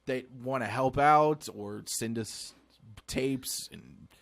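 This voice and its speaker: A man's voice: medium pitch, slow, vocal fry, no room sound. A man hosting a casual radio show, talking earnestly and rambling with restarts, slightly out of breath.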